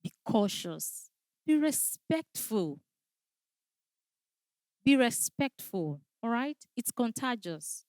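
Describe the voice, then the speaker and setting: A woman's voice: a little high, sing-song, takes it slowly, long pauses, a little mellow, dry recording. Emphatic woman trainer, dry close sound. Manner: emphatic, repeats key phrases, checks in with "all right?". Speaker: customer service trainer. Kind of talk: training lecture.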